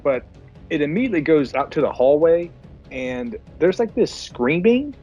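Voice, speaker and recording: A man co-hosting a casual podcast chat about a film over beer, retelling scenes in a profane, animated way. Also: a little high, normal speed, lo-fi sound, soft background music. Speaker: podcast co-host.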